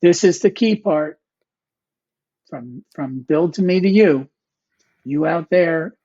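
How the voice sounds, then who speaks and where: A man's voice: fairly high pitch, slow pace, mellow, no echo. A man, a comic artist guest, talks casually in an interview and rambles with fillers and restarts. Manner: rambling, many fillers and restarts, quotes mentors. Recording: dull, slightly lo-fi dry sound.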